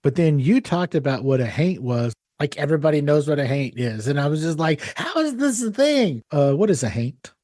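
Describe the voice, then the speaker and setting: A podcast host in casual interview chat, this man has a mid-range, dark-toned voice with no echo. He talks a little fast with hardly any pauses, asking curious questions in a joking, easygoing way.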